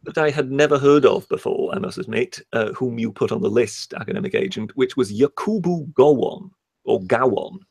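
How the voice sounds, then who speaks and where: A British man co-hosting a casual livestream chat, talking hesitantly with many pauses and slowing down to read passages aloud. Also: mid-range voice, gravelly, a little mellow, slightly rough, dry recording. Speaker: co-host.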